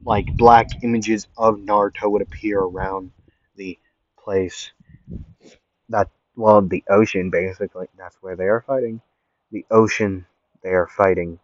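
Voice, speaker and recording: A man's voice: lowish voice, fairly even intonation, measured pace, no room sound, lo-fi sound. A young man improvising a what-if fan story, rambling and correcting himself as he goes, on a home mic. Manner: rambling, self-correcting, lots of fillers.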